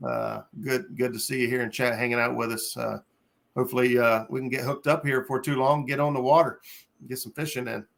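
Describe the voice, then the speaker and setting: Ohio man, gravelly-voiced host, chatty and meandering with fillers. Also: mid-range voice, flat delivery, fairly quick, fairly bright tone. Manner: rambling, hesitant, lots of fillers. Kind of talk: casual chat on a live stream.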